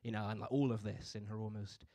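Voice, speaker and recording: A young man performs stand-up in a low, easy voice. His delivery is relaxed and chatty, full of asides to the crowd. The handheld mic gives a dry, close sound. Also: quick pace, no echo. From Bristol, England. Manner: laid-back, conversational delivery with frequent "you know what I mean". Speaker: stand-up comedian. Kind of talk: stand-up comedy set.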